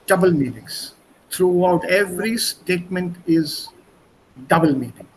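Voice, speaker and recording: A man with a fairly high voice runs an online language class. He is chatty, often repeats his words and shifts from one language to another mid-thought. Faint room ambience sits behind his video-call audio. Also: animated, unhurried, slight background noise, rough recording. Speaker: teacher.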